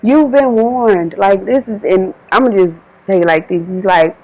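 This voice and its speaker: A woman's voice: medium pitch, moderate pace, a little mellow, rough recording. A woman delivering an informal channeled spiritual message, emphatic and repetitive, switching between her own words and quoted divine warnings.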